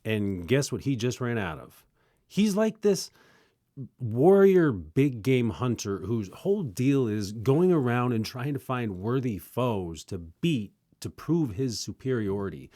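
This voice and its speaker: Young male reviewer, sarcastic and lively, dry close-miked delivery. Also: medium pitch, no echo. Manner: sarcastic, animated, quick asides. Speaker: movie reviewer host. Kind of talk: casual sarcastic movie review.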